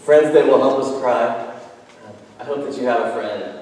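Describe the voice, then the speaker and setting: A man's voice: medium pitch, normal speed, darkish tone, a little hiss or hum. A man preaching a sermon as pastor, telling stories in a conversational way with frequent ums and restarts. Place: church sanctuary. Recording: echoey church hall from far off.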